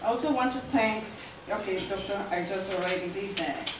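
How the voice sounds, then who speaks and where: A woman's voice: mid-range voice, brisk. A woman from Cameroon with a Cameroonian accent, a guest poet giving earnest remarks and reading poems aloud, pressing hard on key words. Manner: earnest, emphatic, rising to loud stresses. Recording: echoey room, distant mic, background noise.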